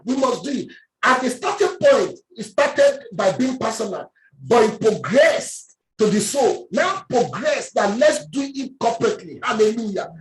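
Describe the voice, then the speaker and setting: A woman preaching a sermon with emphatic, drawn-out words and call-and-response questions. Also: on the high side, expressive. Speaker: pastor. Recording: echoey room.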